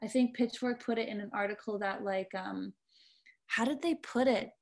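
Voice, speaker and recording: A woman's voice: mid-range voice, moderate pace, gravelly. A young adult woman musician chatting casually in an interview, rambling with lots of fillers and casual swearing. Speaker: musician guest.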